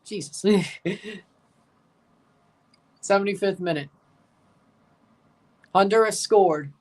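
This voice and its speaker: A woman's voice: on the low side, animated, unhurried, far from the mic. A woman hosting a live match watchalong, chatting casually and calling the plays in short bursts.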